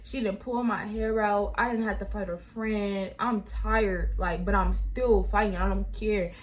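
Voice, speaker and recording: A young woman, telling viewers a storytime vlog in animated, slangy talk. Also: medium pitch, measured pace. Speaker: vlogger.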